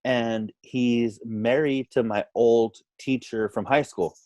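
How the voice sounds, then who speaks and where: A man tells a casual story in an animated way, jumping into quoted lines as he goes. His voice sits at a middling pitch. The recording is dry and close, with no room sound. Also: takes it slowly, dry recording. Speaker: podcast guest.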